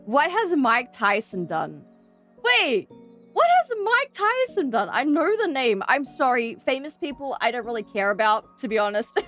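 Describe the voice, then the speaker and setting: Bubbly, giggly Australian woman streamer. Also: fairly high pitch. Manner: giggly, bubbly and excitable, quick gasps and squeals. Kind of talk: casual live-stream chat.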